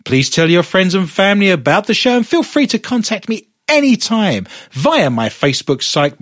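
A man's voice: high voice, no echo, studio quality. A man hosting a radio talk show, joking and laughing in teasing banter.

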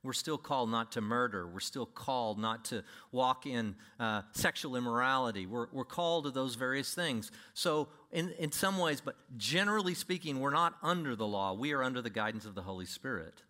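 A man's voice: medium pitch, expressive, moderate pace, hardly any pauses. Emphatic man preaching a sermon. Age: older. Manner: emphatic, with sudden swings between loud and quiet. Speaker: pastor.

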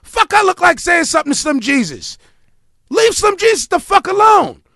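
A man's voice: very high voice, moderate pace, creaky, no echo, clean studio sound. A man telling stories in a casual podcast conversation, emphatic and full of profanity. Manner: animated, profane, emphatic storytelling. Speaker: podcast guest.

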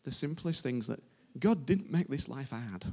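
A man's voice: medium pitch, animated, moderate pace, vocal fry, darkish tone, breathy edge. A man preaching a sermon to a congregation in an informal, emphatic way, repeating his phrases. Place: church service before a congregation.

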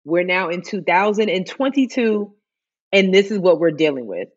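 A woman in casual chat, talking in an animated, rambling way with many fillers. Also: lowish voice, moderate pace, husky, lo-fi sound.

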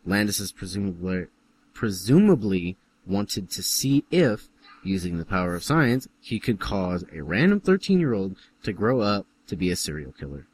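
A man's voice: low voice, big pitch swings, normal speed, darkish tone, slight background noise. A man co-hosting a casual podcast, reading an article aloud and adding dry jokes. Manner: reads aloud with dry jokes and sudden laughs.

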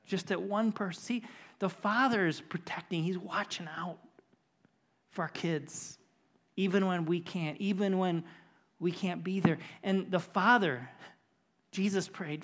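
A man's voice: high-pitched, measured pace. A middle-aged man preaching a sermon as a pastor, telling a personal story in an earnest way and building to emphatic preaching.

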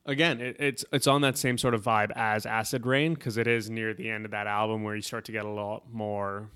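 A man's voice: on the low side, flat delivery, brisk, a bit bright, clean tone. A man co-hosting a casual music chat, talking in a loose, rambling way with many fillers. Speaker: podcast co-host.

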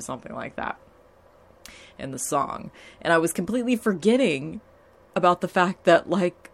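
A young woman talking casually and candidly about a TV show, swearing freely. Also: on the low side. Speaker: TV episode recapper. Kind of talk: casual chat.

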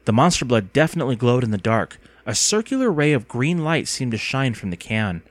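A man narrating an audiobook with expressive storytelling. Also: medium pitch, fairly quick, dry recording.

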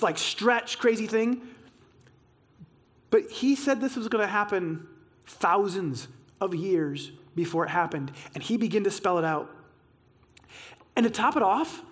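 Guy w a really high voice preaching, super excitable, acts out all the dialogue in his stories. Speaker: pastor. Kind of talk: sermon.

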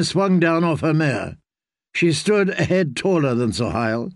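A man reads a story aloud in a slow, measured way, his voice a little higher than most men's. He is close to the mic in a dry, quiet room. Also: sing-song, no echo. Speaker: audiobook narrator. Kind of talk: audiobook reading.

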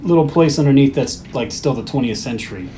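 A man's voice: medium pitch, lively intonation, a little fast, dark tone. A man on a movie podcast retells scene after scene in easy, casual talk. He drops swear words without thinking about it. A faint hiss sits under the recording. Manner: recaps the plot, swears casually. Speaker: podcast co-host. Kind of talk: casual movie recap chat.

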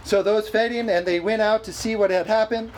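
Brief: a high-pitched male preacher, lively and laughing, at a church service. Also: brisk, a little hiss or hum, poor audio. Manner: animated, exclamatory, laughs often. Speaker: pastor. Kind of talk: sermon.

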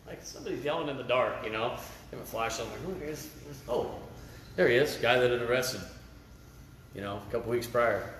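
A man's voice: mid-range voice, fairly quick, fairly bright tone, echoey room, slight background noise. A middle-aged man preaching a sermon at a camp meeting, telling personal stories in a conversational way and often asking "right?". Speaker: lay preacher.

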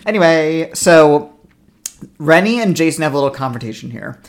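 A woman co-hosting a podcast in casual, jokey chat, quick with quips and swearing. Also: deep voice, animated. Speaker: podcast co-host.

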